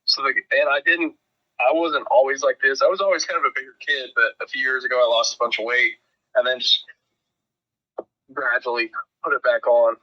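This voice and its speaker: A man's voice: mid-range voice, steady tone, fairly quick. A man telling a rambling, profane road story as a guest in a casual podcast chat. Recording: dull lo-fi sound.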